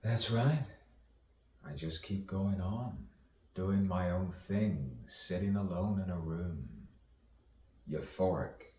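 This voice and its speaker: Very deep-voiced man reciting slow poetry. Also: warm tone. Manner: rambling, rhythmic, repeats phrases, muses to himself. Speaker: poet. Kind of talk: spoken-word poetry soliloquy. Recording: roomy echo, distant mic, faint background noise.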